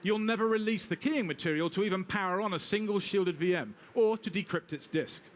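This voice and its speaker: A British man giving a live technical talk with a demo, brisk and wry, talking straight to the audience. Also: high voice. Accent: British English. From Britain. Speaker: technical presenter.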